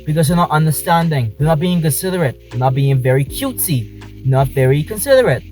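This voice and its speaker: A man's voice: a little high, expressive, fast, a little mellow, faint music behind, low-quality recording. A man vlogging from inside a car, speaking passionately and emphatically, repeating his points. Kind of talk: talking to camera in a car.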